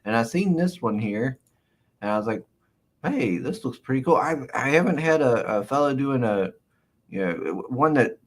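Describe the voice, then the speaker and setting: A man hosts a loose, chatty livestream and reads out the chat as he goes. He laughs often and talks right back to the viewers. His voice sits at an ordinary pitch. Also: animated, moderate pace. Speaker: livestream host. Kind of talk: casual chat.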